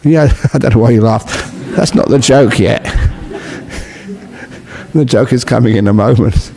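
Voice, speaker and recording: Gravelly, mellow-voiced monk telling jokes. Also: male voice, medium pitch, slight background noise. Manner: humorous, storytelling with jokes; gentle, unhurried teaching. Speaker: Buddhist monk giving a dharma talk. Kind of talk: relaxed dharma talk. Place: talk at a city meditation centre.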